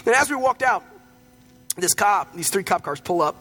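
Male pastor with a high voice, conversational, storytelling sermon. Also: expressive, moderate pace, bright, forceful tone.

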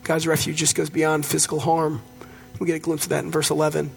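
A man with a notably high voice preaches a sermon as pastor. He talks in a relaxed, conversational way, weaving in stories and light humor. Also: quick pace, gravelly, faint music behind.

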